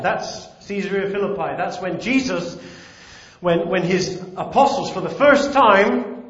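Preacher, emphatic, roomy lo-fi sound. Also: male voice, high-pitched, moderate pace. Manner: emphatic, repeats key phrases, swells on important words. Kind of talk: sermon with Bible reading.

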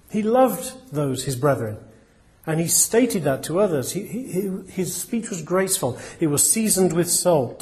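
A man delivers a sermon in an earnest, plain-spoken way. His voice sits a little high for a man. He often restarts his sentences and puts searching questions to his listeners. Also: darkish tone. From England. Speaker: preacher.

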